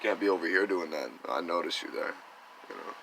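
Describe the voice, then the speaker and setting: A man's voice: low-pitched, a little fast, vocal fry, bright, forceful tone, slight background noise. A man in a rambling spiritual monologue, musing on energy and acting out imagined conversations. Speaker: vlogger talking about energy healing.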